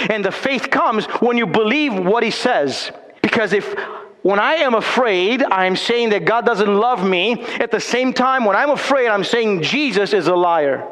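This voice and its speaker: High-voiced guy preaching slow, long church reverb, big swings from urgent to hushed. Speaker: pastor. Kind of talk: sermon. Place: church sanctuary.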